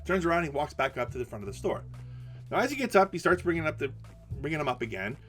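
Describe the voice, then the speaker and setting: A man telling a retail work story in a casual rant, animated and full of restarts. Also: on the high side, fast, soft background music. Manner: animated, acts out the people in his story; repeats and restarts words often. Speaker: storytelling vlogger.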